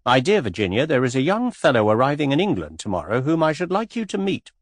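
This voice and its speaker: A man reading an audiobook, voicing a stuffy, indignant middle-aged English gentleman in a formal, booming way. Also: sing-song, fast, dry recording, studio quality. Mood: pompous.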